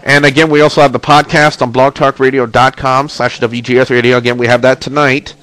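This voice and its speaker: He hosts a casual webcast about wrestling and video games, his nose stuffy and congested as he chattily plugs links and reads chat messages. His medium-pitched voice stays level, moves a little fast, and has a fairly bright tone. The recording, from a webcam mic, is low quality.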